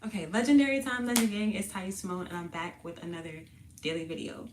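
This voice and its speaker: A woman hosting a casual tarot reading video, chatty and slangy, laughing often and sounding a bit parched and husky. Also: lowish voice, fairly even intonation, fast, very noisy. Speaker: tarot reader and channel host. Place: indoors, sitting on the floor.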